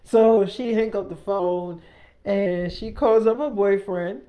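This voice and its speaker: A man's voice: high-pitched, slow pace, dull audio. A man telling a story in a casual, slangy way, acting out every character's lines with plenty of profanity.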